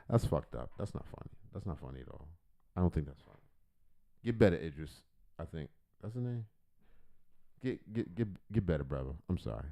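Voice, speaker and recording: His voice is extremely low and gravelly, expressive, at normal speed with frequent pauses. Hosting a livestream, he reacts to videos with rambling, profane jokes, and his volume swings loudly.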